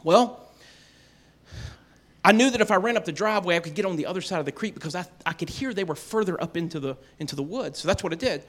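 Brief: middle-aged man, high-pitched voice, folksy storyteller, self-deprecating. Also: lively intonation, fast talker, a bit bright. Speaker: speaker telling a family story to an audience. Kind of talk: animated storytelling talk.

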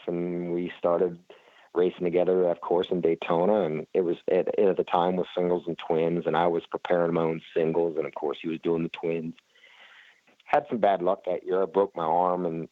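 A man's voice: sits low, dry recording, phone-quality sound. A man, a racer being interviewed, talking casually and rambling with lots of fillers and restarts. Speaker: flat track racer, guest.

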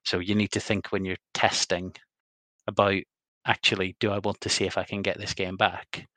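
A man's voice: low voice, level tone, moderate pace, sharp tone, no room sound. A man from England hosting a podcast, chatty and teasing. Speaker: podcast host. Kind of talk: casual podcast chat.

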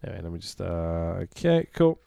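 A man's voice: low voice, very animated, a little fast, vocal fry, mellow, smooth, no room sound, clean studio sound. A man co-hosting a casual film review podcast, sweary and sarcastic, often mock-quoting the characters. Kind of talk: casual chat.

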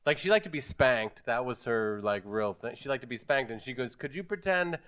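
A man telling a crude, self-mocking story in a casual comedic podcast chat, with halting restarts. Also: medium pitch, a bit bright, smooth.

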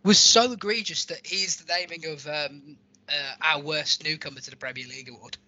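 A podcast host with a slightly high, pushed and bright voice talks briskly on a lo-fi recording. He hosts a casual football chat, reading out rankings and cracking jokes as he rambles.

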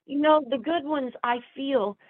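Older woman, animated storyteller full of restarts, tinny phone-like audio. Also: high-pitched, measured pace, dry recording. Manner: lively, chatty, full of fillers and restarts. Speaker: actress guest. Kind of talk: storytelling interview answers.

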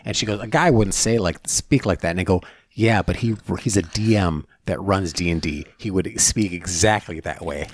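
A man's voice: normal speed, hardly any pauses. A man co-hosting a casual chat show, telling stories with energy and mimicking others. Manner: animated storyteller, mimics others in high voice. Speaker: podcast co-host.

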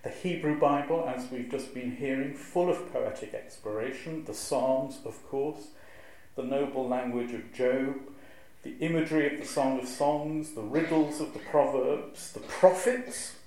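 A man, a clergyman, giving a lively, wry lecture to a live audience and reciting verse with a strong rhythm. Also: medium pitch, a little slow. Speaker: clergyman giving a talk on preaching. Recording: very echoey hall, faint ambience.

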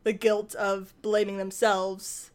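A young woman co-hosting a podcast, chatting casually and breaking into quick, animated acted-out quotes. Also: medium pitch. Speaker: podcast co-host. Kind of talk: casual chat.

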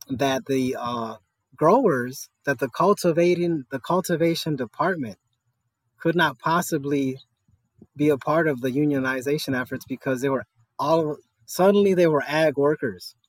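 An earnest man, speaking in an interview at a middle pitch. His voice is recorded close and dry, with no room sound. He talks with many fillers and often checks in with "right?". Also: moderate pace, dry recording. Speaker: guest, cannabis store worker organizing a union. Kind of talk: conversational interview.

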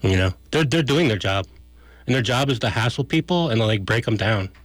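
A man's voice: medium pitch, lively intonation, brisk, no room sound. A man, an activist guest on a radio show, gives a blunt and argumentative political analysis in casual speech.

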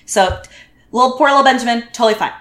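A woman guest telling a story in casual chat, animated and full of restarts. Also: fairly high pitch, fast talker. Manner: animated, lots of restarts and quoted voices. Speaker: podcast guest. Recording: roomy echo.

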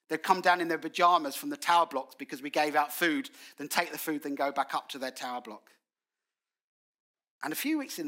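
A man preaches in a church, his voice sitting a little high and ringing bright. He tells stories with energy, acting out quotes in colloquial British phrasing. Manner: animated storytelling with acted quotes. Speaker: guest preacher. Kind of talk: sermon.

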